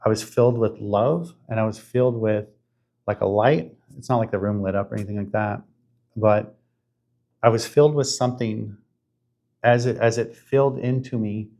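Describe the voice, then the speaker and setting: A man in his fifties hosting a podcast, telling a spiritual story in an earnest, halting way with many restarts. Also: fairly low pitch, fairly even intonation, mellow. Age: 50s. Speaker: podcast host.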